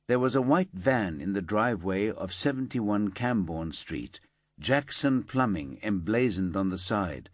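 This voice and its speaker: A man narrating a crime audiobook with a husky, fairly low voice. His reading rises and falls with plenty of movement. The recording is dry and close. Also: lively intonation, a little slow, no room sound. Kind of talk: scripted narration.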